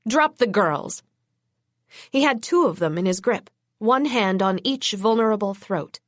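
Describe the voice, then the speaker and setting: A woman narrates an audiobook in the first person, tense and driving, with a mid-range pitch. The recording is close and dry, with no room sound. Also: lively intonation, moderate pace, no echo.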